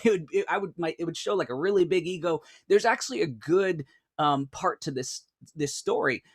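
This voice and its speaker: A man in his thirties telling a group an earnest personal story, animated and full of restarts and "like". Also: fairly high pitch, breathy edge, no room sound, studio quality. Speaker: speaker.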